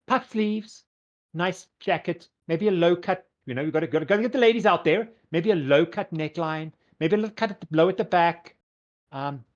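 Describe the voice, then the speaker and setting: Guy doing a high swoopy fabulous fashion shop owner, gushing and bossy, kinda muffled audio. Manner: theatrical, drawn-out, fussing over everyone.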